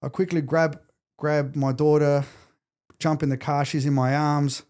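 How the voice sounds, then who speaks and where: In a fairly high, clean-toned voice and at a slightly slow pace, a middle-aged man tells an emotional story as a podcast guest. His retelling is intense and animated, with the quotes acted out.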